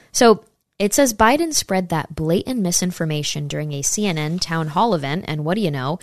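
Sarcastic woman host with a lower voice. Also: animated, a little fast, gravelly, dry recording, studio quality. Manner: sarcastic and incredulous, reads article passages aloud. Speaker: political commentary host. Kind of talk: opinionated political commentary.

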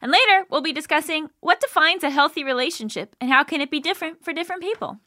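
A woman in her thirties co-hosts a casual talk show, chatty and playful but earnest when she gives advice. Her voice is bright and forward, and the recording is close and dry. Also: high voice, animated, quick pace, dry recording. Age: 30s. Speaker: co-host. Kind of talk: casual podcast banter.

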